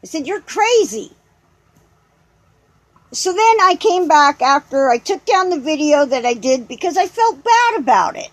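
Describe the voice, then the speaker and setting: Woman, vlog rant, slow deliberate delivery, combative, profane, dry. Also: sits high, big pitch swings, dry recording, poor audio. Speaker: vlogger. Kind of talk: angry vlog rant reading out comments.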